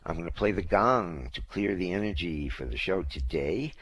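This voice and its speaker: A man's voice: sits low, lively intonation, normal speed, a bit bright, husky, no echo. A man co-hosting a call-in radio show, announcing in an upbeat promotional way and repeating phone numbers. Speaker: radio co-host.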